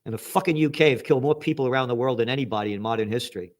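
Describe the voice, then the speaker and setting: A man's voice: mid-range voice, rapid-fire. A man giving an angry, sarcastic news commentary, reading headlines aloud and mocking them with profanity. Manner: reads headlines aloud then mocks them.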